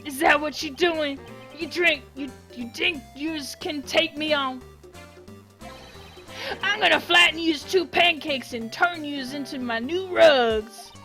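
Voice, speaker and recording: A woman voicing a loud brutish male mobster boss who yells threats in a tough-guy drawl. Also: high-pitched, slow pace, full character voice. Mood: furious, threatening. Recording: game music behind.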